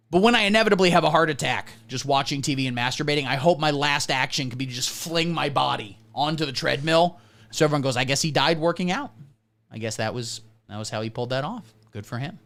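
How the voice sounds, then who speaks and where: A man hosting a satirical comedy livestream, delivering absurd deadpan jokes and swinging between mumbled asides and sudden emphasis. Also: a little high, vocal fry. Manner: deadpan absurdist, mock-conservative persona. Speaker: livestream host.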